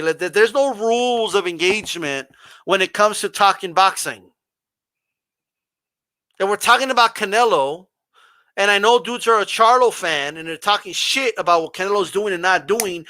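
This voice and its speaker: Combative bright-voiced male boxing streamer. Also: high voice, dry recording. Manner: combative, confrontational, rhetorical questions; mocks a flat monotone voice. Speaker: boxing channel host reading live chat. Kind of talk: livestream talk.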